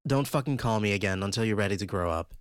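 For this audiobook character, a man speaking on the low side, close to his everyday voice, portrays a teenage girl roused in the middle of the night, cranky and foul-mouthed. He talks fast, snapping and cursing impatiently, with a clean, echo-free, studio-quality sound.

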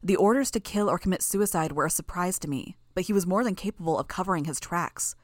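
Woman narrating an audiobook, lowish voice. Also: quick pace, no room sound, clean studio sound.

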